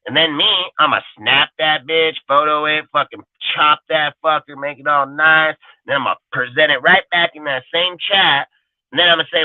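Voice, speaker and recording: A man's voice: a little high, moderate pace, no echo. Heated, cursing man on a tinny line. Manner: aggressive, swearing, heated. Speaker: fan show host. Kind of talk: profane fan rant. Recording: tinny phone-like audio.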